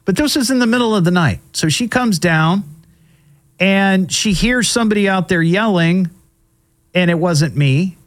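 A man's voice: high-pitched, moderate pace. A middle-aged man hosting a show, casually commenting on odd news stories with wry asides and frequent fillers. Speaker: host.

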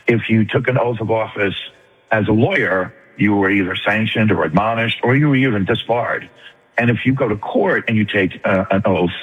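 An older retired man with a New York accent, calling in to a radio show and making his point fast and earnestly. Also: lowish voice, slightly rough. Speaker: caller. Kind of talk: call-in radio talk. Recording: tinny phone line with long reverb.

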